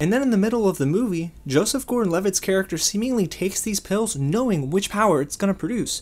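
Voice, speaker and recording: A man's voice: high voice, quick pace, few pauses. A man reviewing a film in a casual, emphatic way, often calling out to his viewers. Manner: animated, emphatic, addresses viewers as guys.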